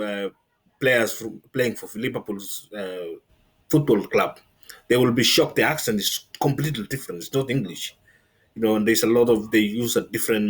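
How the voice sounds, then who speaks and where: A middle-aged man from Kenya talking as an interview guest, telling stories in a relaxed way with many fillers. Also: mid-range voice, slightly rough. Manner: relaxed storytelling with frequent fillers and laughs. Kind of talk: casual interview chat.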